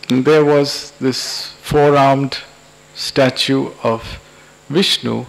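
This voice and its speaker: A man's voice: medium pitch, creaky, fairly bright tone. A man, lecturing and telling an anecdote at a public talk in a convention hall. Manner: unhurried, anecdotal storytelling.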